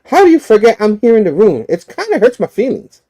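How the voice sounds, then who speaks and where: A man's voice: high voice, wildly swooping pitch, fairly quick, warm tone, voice pushed up, full character voice. A man voicing a wisecracking young male superhero in a joking, mock-hurt way while retelling a comic.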